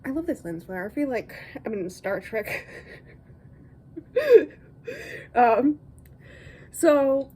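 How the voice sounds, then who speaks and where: A woman's voice: high voice, extremely slow, long pauses, slightly rough, low-quality recording. A young woman chatting casually to camera about what she watched and read this week, rambling with lots of ums and laughs. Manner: animated, jumps between topics. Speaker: reading vlogger.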